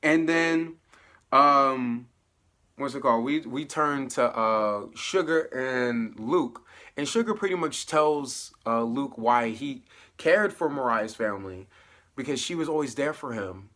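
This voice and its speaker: Male reviewer, casual spoiler recap, animated delivery with laughing asides. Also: medium pitch, a little slow. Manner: animated, laughing asides, acts out quoted lines. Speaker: TV show reviewer.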